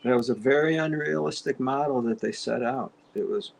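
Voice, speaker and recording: A man's voice: medium pitch, normal speed, creaky, poor audio. A man hosting a casual conversation, supportive and emphatic, often repeating his points. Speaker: host.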